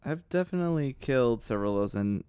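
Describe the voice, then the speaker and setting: A man co-hosting a casual podcast chat, dropping deadpan quips and laughing often. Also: medium pitch, quick pace, smooth, no echo. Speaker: podcast co-host.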